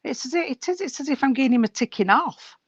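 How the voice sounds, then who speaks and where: A chatty woman medium gives a rambling reading, sprinkling in sweetheart and darling. Her voice sits a little high. It comes through a dull, dry video-call line. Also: animated, quick pace, slightly rough, no room sound. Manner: chatty, calls people sweetheart and darling, self-correcting. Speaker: spiritualist medium. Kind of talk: live mediumship reading at an online service.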